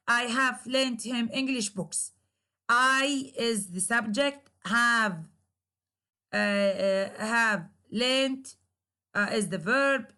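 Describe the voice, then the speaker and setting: A woman lecturer whose first language is Arabic, explaining English grammar in a recorded lecture, with many hesitations and pauses. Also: on the high side, sharp tone. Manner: slow, careful explaining with frequent hesitations. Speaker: university lecturer.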